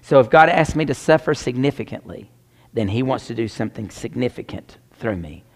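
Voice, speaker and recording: A man preaching a sermon as pastor, swinging between loud exclamations and hushed near-whispers. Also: medium pitch, animated, a little fast, in a large hall.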